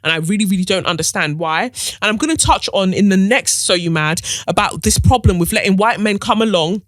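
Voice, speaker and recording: A woman hosts a solo podcast in a blunt, ranting style full of slang and swearing. Her pitch sits mid-range for a woman, and the recording is dry with no room sound. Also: a little fast, no echo. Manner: outspoken, ranting, profane, slangy. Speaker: podcast host.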